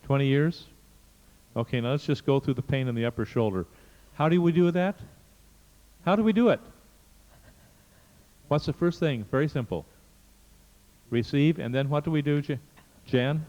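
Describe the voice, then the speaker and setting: A man's voice: a little high, moderate pace, long pauses, darkish tone. A man leading a seminar group, urging and prodding with short, insistent commands. His voice carries a long reverb tail from the hall. The tape sounds dull and muffled. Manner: coaxing, insistent prompts. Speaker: seminar leader. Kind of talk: guiding a participant through a live workshop exercise.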